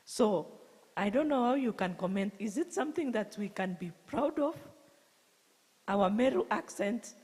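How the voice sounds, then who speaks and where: A Kenyan woman with a Kalenjin accent moderating a conference question session, halting with frequent restarts. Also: mid-range voice, lively intonation, a little mellow, slightly rough. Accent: Kenyan English, Kalenjin. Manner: halting, many restarts and fillers. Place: university conference hall. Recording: long reverb of a conference hall.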